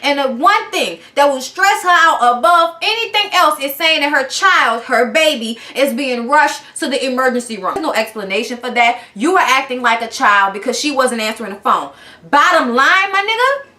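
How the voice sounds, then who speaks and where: Woman going off about a reality show, bright high voice, cussing a lot, echoey room. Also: moderate pace. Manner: blunt, animated, profane. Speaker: TV show reviewer. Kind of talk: casual profane rant.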